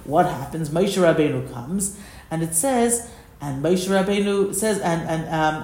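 A woman's voice: fairly low pitch, darkish tone, echoey room. A woman teaching a text study class, reading passages aloud and then explaining each one plainly. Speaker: Torah teacher.

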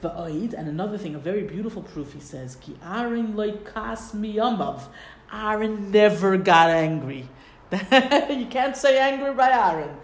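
Animated woman teaching a text class. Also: medium pitch, a little slow. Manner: animated, quotes Hebrew texts and voices sages. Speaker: Torah teacher. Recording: echoey room, faint background noise.

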